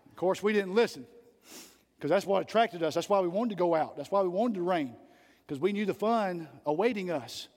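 A man preaching a sermon to his church, telling folksy stories and rising to loud emphatic peaks between quieter asides. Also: high voice, animated, a little fast, in a large hall. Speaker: pastor. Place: church sanctuary.

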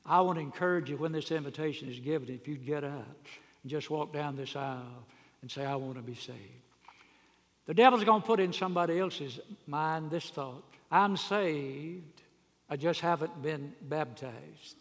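Folksy preacher in a reverberant hall. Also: male voice, on the high side, moderate pace. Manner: folksy storytelling, rising to loud emphatic peaks. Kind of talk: sermon. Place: church sanctuary. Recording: long reverb of a large hall.

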